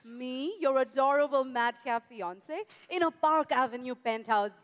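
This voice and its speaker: A woman's voice: high-pitched, normal speed, background noise, natural voice. A woman playing a gushing madcap fiancée. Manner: gushing, melodramatic. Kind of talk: stage comedy acting. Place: theatre stage.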